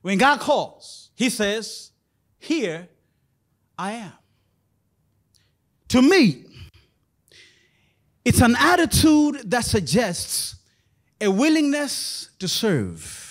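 A man preaching a sermon in church as pastor, moving between loud shouted lines and quiet, low passages. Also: very animated, takes it slowly, pauses often.

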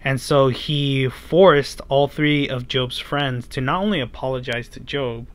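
A man's voice: medium pitch, a little slow, no echo. A man preaching to children, retelling the story casually with many fillers and asking his listeners rhetorical questions. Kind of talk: storytelling sermon for kids.

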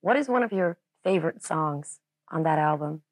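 A woman's voice: low voice, lively intonation, normal speed, a little mellow, no room sound. A woman interviewer on a music channel asking curious, admiring questions.

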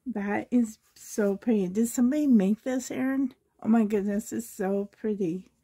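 A hoarse woman from Canada gushing with delight as she unboxes a reborn doll trade for her vlog. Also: on the high side, normal speed, dark tone. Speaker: reborn doll collector vlogger.

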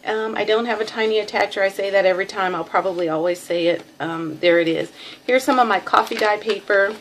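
A woman's voice: mid-range voice, a little fast. Texan lady rambling thru her craft stuff, lots of ums, middle-ish voice, bit of background hiss. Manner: chatty, rambling, self-deprecating, many ums. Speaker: craft seller showing a package. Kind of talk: casual show-and-tell.

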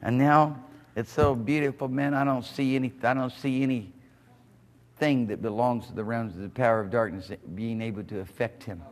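A man pastor preaching an animated sermon in church, often breaking into praise. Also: medium pitch, normal speed, in a large hall. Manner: animated, exclaims "Hallelujah" often. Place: church hall.

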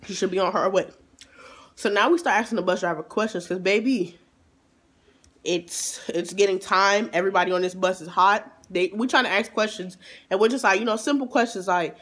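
A man vlogger telling a storytime in an animated, emphatic way, with exasperated asides. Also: sits high, fairly quick. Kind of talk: storytime vlog.

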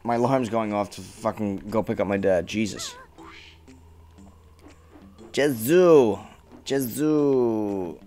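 A young man commentating his own gameplay casually, swearing often and bursting into frustrated shouts. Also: fairly low pitch, steady tone, brisk, few pauses, soft background music. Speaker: let's play gamer.

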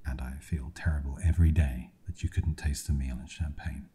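A man's voice: very deep voice, fairly even intonation, moderate pace, mellow. A man voicing a bitter, cruel young man who speaks harshly and swears, in a whispered role-play.

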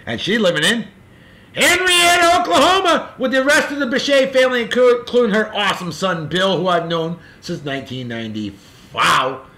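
A man hosting a casual show, giving boisterous, jokey birthday shout-outs in a folksy way. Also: high voice, expressive, a little fast. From California. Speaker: show host.

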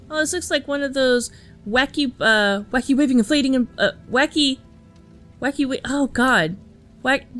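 A woman's voice: a little high, fairly bright tone, clean tone. A young woman giving joking, sarcastic let's play commentary. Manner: joking, sarcastic, reads game lines in silly voices. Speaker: gameplay commentator. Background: game music.

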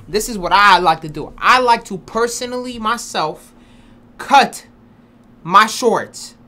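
A woman hosting a gameplay video, loud and excitable, laughing and cursing as she plays. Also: medium pitch. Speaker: gaming video host. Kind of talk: gameplay commentary. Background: game music.

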